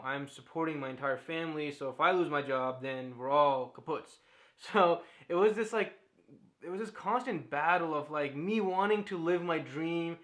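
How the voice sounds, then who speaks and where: A man's voice: fairly high pitch, a bit bright. A man in his thirties vlogging candidly to camera, open and reflective, often laughing and using fillers. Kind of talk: candid personal vlog talk.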